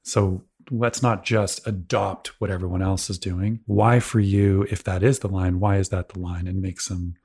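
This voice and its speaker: A man co-hosting a podcast and working as a relationship coach, speaking in a measured, thoughtful way. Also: deep voice, fairly even intonation, a little mellow, husky. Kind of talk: reflective casual discussion.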